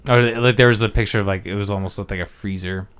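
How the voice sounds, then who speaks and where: A man's voice: lowish voice, steady tone, quick pace, a bit bright, clean tone. A man hosting a casual podcast, rambling and hesitant, full of fillers and swearing. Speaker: podcast host.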